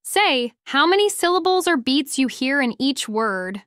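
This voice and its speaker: Slow, sing-song woman teaching young children. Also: high-pitched, sing-song, a bit bright, no room sound, clean studio sound. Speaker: first-grade teacher. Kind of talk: children's phonics lesson.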